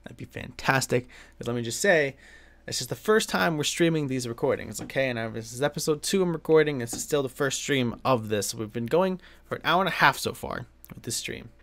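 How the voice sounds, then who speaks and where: A young man streaming a video game, joking and chatting with his viewers. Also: medium pitch. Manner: jokey and animated, talks to viewers. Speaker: gaming streamer. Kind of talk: let's play commentary.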